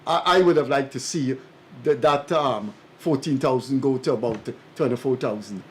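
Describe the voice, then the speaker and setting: A man co-hosting a talk show, speaking in a slow, measured, emphatic way, like an academic. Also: medium pitch. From Guyana. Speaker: co-host and commentator. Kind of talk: studio talk show commentary.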